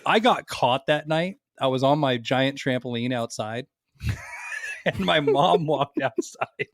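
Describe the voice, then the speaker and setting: A man co-hosting a podcast, telling crude stories loudly with frequent laughs. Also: mid-range voice, measured pace, dry recording, studio quality. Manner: loud, laughing storyteller. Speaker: podcast co-host. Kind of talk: casual podcast banter.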